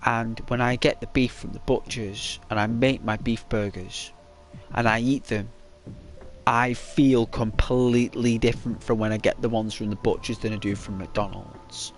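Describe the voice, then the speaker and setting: Male streamer, casual rambling chat, mid-pitched voice, faint music underneath. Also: steady tone, normal speed. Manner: rambling, full of fillers.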